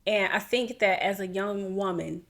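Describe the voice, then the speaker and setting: A woman in her thirties, a podcast co-host, telling a personal story in an animated, casual way and acting out what people said. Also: mid-range voice, normal speed, vocal fry. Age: 30s. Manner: animated, acts out quotes, laughs while telling.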